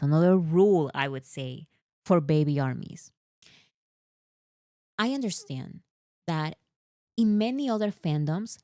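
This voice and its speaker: A woman with a fairly low voice talks through a casual fan chat, animated and a little exasperated, piling on fillers as she over-explains. The sound is dry and close, with no room echo. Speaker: co-host.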